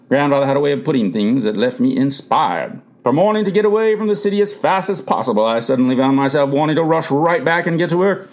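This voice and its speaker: Male audiobook narrator, earnest first-person storyteller, lively pitch. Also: brisk, few pauses. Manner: earnest, raises pitch for quoted voices.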